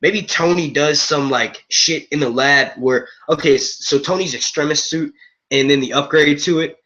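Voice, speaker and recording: Male stream host, loose profane chatter, bright edgy voice, dull lo-fi audio. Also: on the high side, normal speed. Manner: rambling, profane, casual, says "yo" a lot. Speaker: host of a movie and TV review stream. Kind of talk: live-stream chat with viewers.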